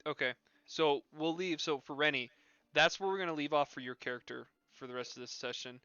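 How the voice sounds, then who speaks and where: Male GM, rambling easygoing narration, smooth clear tone, dry close sound. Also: fairly high pitch, fairly quick, sharp tone, no echo, muffled recording. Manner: loose narration full of "like" and "um". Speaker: game master. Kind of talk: narrating a tabletop game on a live stream.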